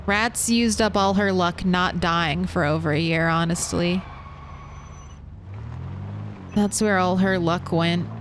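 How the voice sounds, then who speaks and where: A woman's voice: on the low side, steady tone, measured pace, slight background noise. A woman streaming a survival game, chatting casually and answering her chat as she plays. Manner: chatty, reads and answers chat while playing.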